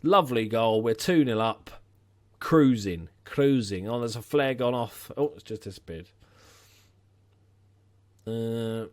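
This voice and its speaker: A man's voice: medium pitch, takes it slowly, long pauses. A young man casually commentating his game, chatty and opinionated with rambling asides. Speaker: gaming YouTuber. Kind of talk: let's-play commentary.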